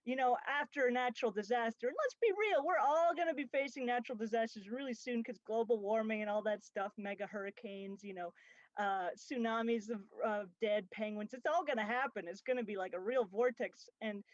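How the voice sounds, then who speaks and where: Woman, high voice, rambling, filler-heavy, dry, lo-fi mic. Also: brisk, no echo. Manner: rambling, absurd, many fillers, laughs. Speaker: debater. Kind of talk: casual comic argument.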